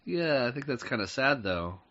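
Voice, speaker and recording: A man's voice: mid-range voice, sing-song, moderate pace, sharp tone, muffled recording. A man co-hosting a casual chat podcast, talking in a hesitant way with frequent restarts and dry remarks. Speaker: podcast co-host.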